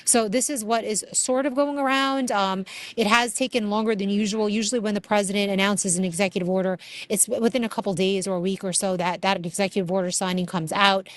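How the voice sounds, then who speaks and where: A woman's voice: medium pitch, fairly even intonation, quick pace, dry recording. A young woman co-hosting a news program, talking through the stories in an earnest, conversational way with many fillers and restarts. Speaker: news co-host.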